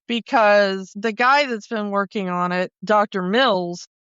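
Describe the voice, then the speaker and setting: Smooth-voiced woman podcaster. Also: medium pitch, slow pace, fairly bright tone, dry recording, lo-fi sound. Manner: chatty, recounts scenes by acting out lines. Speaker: podcast co-host. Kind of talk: casual chat.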